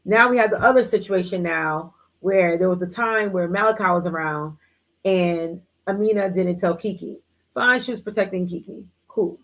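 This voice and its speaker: A woman's voice: lowish voice, moderate pace, poor audio. A woman hosting a casual live book discussion, chatty and slangy, acting out characters' lines as she retells the story. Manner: animated storytelling, acts out characters' lines in quotes; slangy, chatty, many fillers like "like" and "um". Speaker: book club host.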